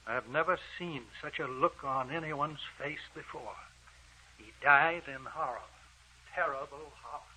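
An actor playing a calm doctor who speaks in a steady, matter-of-fact way in an old radio drama. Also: male voice, fairly high pitch, fairly quick. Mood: grave. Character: calm, grave male doctor. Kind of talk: 1940s radio drama acting. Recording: tinny old radio recording with hiss.

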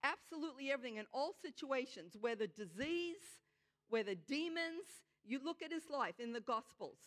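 A woman preaching a sermon in an earnest, conversational way, slowing down to stress her key points. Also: high-pitched, a bit bright. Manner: conversational asides with frequent "you know".

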